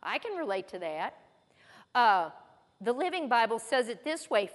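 A woman with a fairly high, animated voice speaks at normal speed, giving a folksy Bible teaching in a church hall. Her sermon-style talk blends scripture readings with personal stories.

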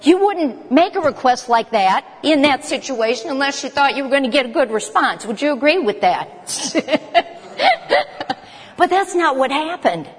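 Woman teaching a Bible study in a reverberant hall. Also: high voice. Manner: conversational, with joking asides to the group.

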